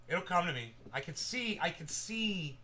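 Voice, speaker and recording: Man, casual rambling vlog host, bright edgy voice, slightly high, loud then mumbled, faint room hiss. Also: lively intonation, a little slow. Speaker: cannabis vlogger. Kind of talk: casual stoned chat to viewers.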